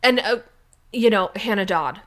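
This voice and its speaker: A woman's voice: mid-range voice, moderate pace, noisy background. A woman co-hosting a casual podcast chat, gushing and rambling with lots of fillers and restarts. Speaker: podcast co-host.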